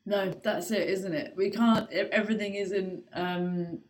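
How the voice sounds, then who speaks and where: A woman's voice: mid-range voice, unhurried, poor audio. A woman co-hosting a casual chat, thinking aloud and affirming her partner.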